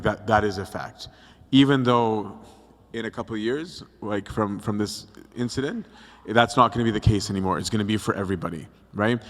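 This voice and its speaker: Casual preaching man in a reverberant hall. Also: on the low side. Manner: conversational, acts out quotes, frequent "right?". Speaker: priest. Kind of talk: casual youth talk on scripture. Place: church hall.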